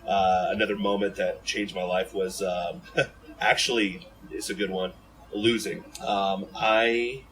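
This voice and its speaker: A man from Ohio telling stories as a podcast guest in an animated, rambling way full of fillers and restarts. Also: deep voice, takes it slowly, slight background noise, rough recording. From Ohio, USA. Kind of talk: casual storytelling in an interview.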